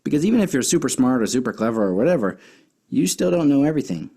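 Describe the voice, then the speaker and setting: A man's voice: mid-range voice, very animated, fast talker, mellow, slightly rough. Chatty man telling a lesson story. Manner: chatty, with many fillers and restarts. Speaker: children's Bible teacher.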